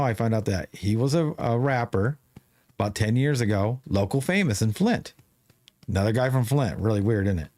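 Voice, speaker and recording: A man's voice: medium pitch, darkish tone. A man hosting a podcast, telling a long story in casual chat with many restarts. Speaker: podcast host.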